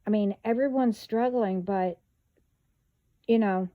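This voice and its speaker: A woman vlogging in a casual monologue, talking haltingly with many fillers and trailing thoughts. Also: medium pitch, phone-quality sound.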